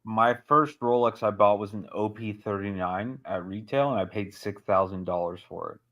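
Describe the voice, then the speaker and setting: A man in casual chat with a slight lisp, laying out his reasoning in a relaxed way. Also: fairly low pitch, moderate pace.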